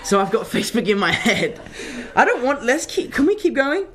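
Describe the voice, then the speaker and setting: A young man, an actor answering fan questions in a casual live chat, telling stories in an animated, self-mocking way. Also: very high-pitched, a little fast, crowd noise.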